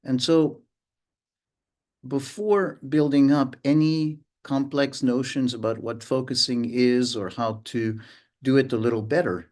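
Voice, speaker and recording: A man giving a reflective mindfulness lesson, taking frequent pauses between phrases. His voice sits at a middling pitch, and he sometimes hums or sounds out rhythms to make a point. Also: steady tone, darkish tone. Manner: unhurried, pauses often, hums and vocalizes rhythms to illustrate. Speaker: mindfulness teacher.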